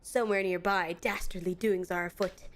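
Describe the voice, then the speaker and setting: A woman's voice: lowish voice, fairly even intonation, normal speed, slight background noise, natural voice. A woman voicing a pompous, grandiose male inspector from a video game, declaiming theatrically about his own brilliance. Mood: dramatic. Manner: theatrical, self-aggrandizing declamation.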